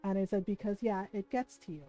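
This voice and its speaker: A middle-aged woman streaming and telling a story in a casual chat, chatty and laughing often, keeping her listeners in with a steady "right?". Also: medium pitch, brisk, faint music behind, low-quality recording. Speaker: livestreamer.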